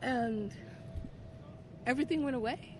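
A woman guest telling a personal story in casual conversation, full of "like" and restarts, getting louder and quicker as she gets excited. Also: high-pitched, background noise. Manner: filler-heavy, talks with 'like', gets louder and faster when excited. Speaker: podcast guest.

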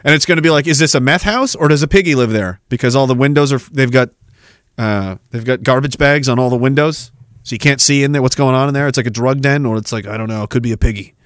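A man's voice: medium pitch, steady tone, fast talker, fairly bright tone, no room sound, clean studio sound. A man hosting a livestream podcast, ranting sarcastically, laughing at his own riffs and reading chat comments aloud. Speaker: podcast host.

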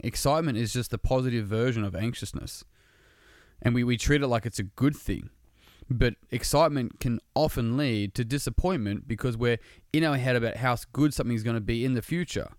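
A man's voice: fairly low pitch, darkish tone, no echo, clean studio sound. A man talking casually and earnestly about breathing and being present, swearing freely as he goes. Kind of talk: casual motivational monologue.

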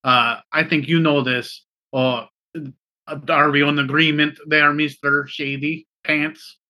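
A man voicing a male adventurer who bargains slowly and deliberately with a prisoner in a tabletop game. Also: a little high, little pitch movement, sharp tone, heavily acted, poor audio. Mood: bargaining.

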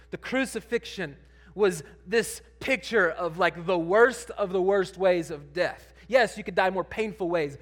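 A man pastor preaching a sermon, conversational at times and building to emphatic, animated preaching. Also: high voice.

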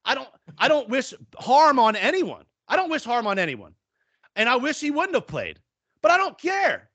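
A high-pitched man with a bright, forceful edge rants about football on a casual podcast. He talks bluntly and swears constantly. His voice sounds dry, close and clean. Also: wildly swooping pitch, moderate pace, dry recording. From New Orleans area. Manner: blunt, profane, ranting. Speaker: podcast co-host. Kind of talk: casual sports chat.

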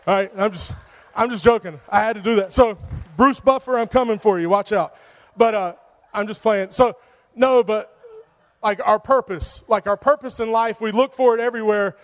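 A man's voice: high-pitched, moderate pace. A man, preaching to a youth group in a casual, joking way full of fillers. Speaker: youth pastor. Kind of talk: sermon. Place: church hall. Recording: long hall reverb.

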